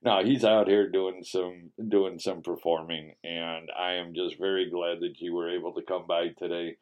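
A man's voice: low-pitched, little pitch movement, normal speed, muffled recording. A man hosting a casual radio show and interview, talking in a joking, rambling, teasing way. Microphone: studio mic with webcam.

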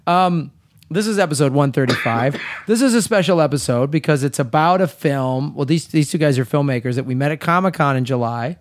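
A man's voice: fairly high pitch, fairly quick. Joking Chicago man co-hosting. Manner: joking, laughs often. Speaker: podcast co-host. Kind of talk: casual chat.

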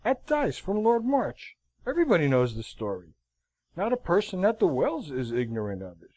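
A man voicing a stern, blunt middle-aged army colonel in an audiobook, speaking curtly and gravely. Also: medium pitch, huge pitch swings, fairly quick, darkish tone. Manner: curt, grave, frank.

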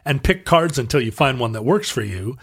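A man's voice: mid-range voice, lively intonation, a little fast, a bit bright, slightly rough. A man co-hosting a podcast, explaining things casually with lots of fillers and restarts. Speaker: podcast co-host. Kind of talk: casual chat.

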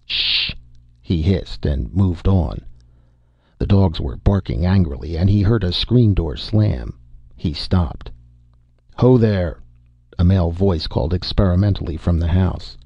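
A man narrating a short story in a measured, somber way. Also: low voice, vocal fry, husky, no echo. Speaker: audiobook narrator. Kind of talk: scripted narration. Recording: dull lo-fi audio.

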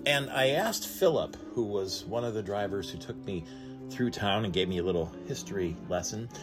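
A male radio host talks in a chatty, storytelling way, his voice sitting a bit low. A string group plays clearly behind him the whole time, as if he is on board a ship. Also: lively intonation, normal speed. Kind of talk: casual talk radio monologue. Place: aboard a cruise ship. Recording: string music playing behind. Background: string music.

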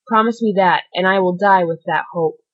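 A woman's voice: lowish voice, moderate pace, muffled recording, close to an everyday voice. A woman voicing a desperate dying male ex-convict, pleading in anguished outbursts.

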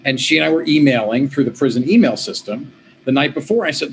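A middle-aged man, an interview guest, telling his story in a lively, conversational way, with quick restarts and quoted voices. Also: mid-range voice, slight background noise, poor audio. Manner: animated, quick restarts, quotes himself and others.

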